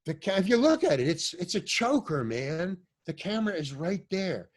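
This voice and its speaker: An older man, an actor, telling animated, rambling stories as a podcast guest, swearing and restarting his sentences. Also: sits high, moderate pace, slightly rough. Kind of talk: storytelling in a podcast interview.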